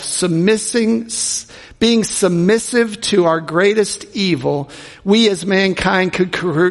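Preacher guy, fry-ish voice, drags out key words, big reverby hall. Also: high voice. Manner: earnest, repeats words, slows for emphasis. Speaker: pastor. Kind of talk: sermon.

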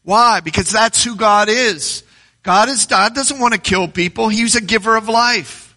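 A man's voice: sits high, measured pace, sharp tone. A man preaching a sermon, reading scripture aloud and asking the congregation questions. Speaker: pastor.

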